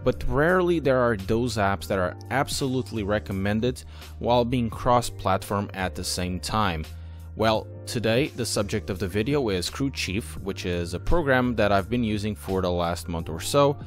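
Man narrating a steady software review. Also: fairly low pitch, moderate pace, soft background music. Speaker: sim racing channel host. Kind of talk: scripted software review voice-over.

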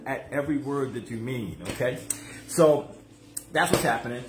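A cooking show host chats and jokes with viewers on a casual livestream from his home kitchen, including drawn-out, playful asides. His voice is mid-range and the recording is very noisy, with kitchen echo and background music.

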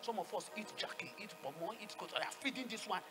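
A woman with a Nigerian accent preaching a sermon, fervent, swinging from hushed tones to shouts and calling for answers from the congregation. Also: medium pitch, animated, quick pace, hardly any pauses, soft background music. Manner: call-and-response with the congregation.

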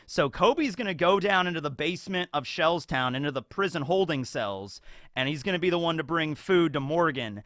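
A man's voice: fairly high pitch, expressive, normal speed, a bit bright, no room sound, studio quality. A man hosting a video in rambling, casual commentary full of fillers. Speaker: video host.

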